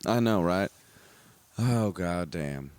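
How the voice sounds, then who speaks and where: A man's voice: low-pitched, expressive, slow pace, a little mellow, clear, resonant tone, dry recording. A young man hosting a podcast in casual chat, laughing often and swearing easily, a bit out of breath and tipsy. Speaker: podcast host.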